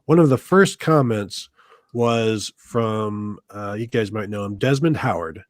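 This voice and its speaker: A man's voice: mid-range voice, takes it slowly, a little hiss or hum. Rambling man hosting a live podcast. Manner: rambling, many fillers and restarts. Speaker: podcast host. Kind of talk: casual live podcast chat.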